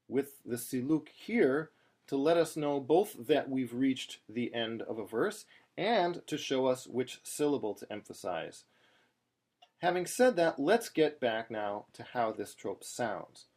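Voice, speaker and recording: A cantor giving a patient screen-share lesson on Torah chanting, explaining each step and singing short chanted examples. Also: male voice, mid-range voice, darkish tone, breathy edge.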